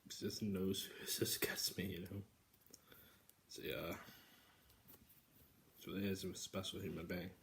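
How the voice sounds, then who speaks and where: A young man hosts a casual vlog Q and A, his voice sitting a touch low but with a sharp, bright edge. He drifts from hushed, mock-solemn talk into loud, excitable bursts. A faint hiss of noise sits under the recording. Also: measured pace, pauses often. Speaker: YouTuber.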